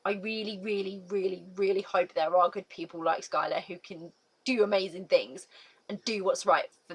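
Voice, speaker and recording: Bright-voiced gushing woman. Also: mid-range voice, rough recording. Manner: gushing, emotional, repeats words like "literally" and "like". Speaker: book reviewer. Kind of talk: casual video book review.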